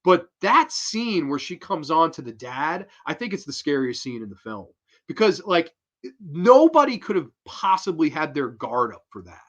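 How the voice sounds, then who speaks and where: Excitable, foul-mouthed man reviewing horror films. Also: a little high, normal speed, lo-fi sound. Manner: excitable and profane, swearing freely. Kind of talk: casual movie review.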